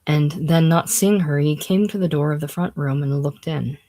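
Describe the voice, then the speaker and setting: A casual reader narrating a classic novel aloud in a plain, unhurried way, dropping lower and quieter on speech tags. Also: poor audio. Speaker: audiobook reader.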